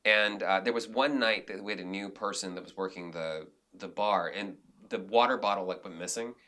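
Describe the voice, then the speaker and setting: Guy on a podcast telling stories, kinda low voice but bright and forceful, lots of "like" and restarts. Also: moderate pace. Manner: animated storyteller, many restarts and "like"s. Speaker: guest, director and actor. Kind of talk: casual interview storytelling.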